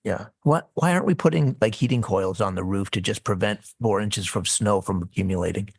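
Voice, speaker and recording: Low-voiced man thinking aloud in a board meeting. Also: a little fast, gravelly, breathy edge, no echo, studio quality. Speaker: board member. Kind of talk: public meeting discussion.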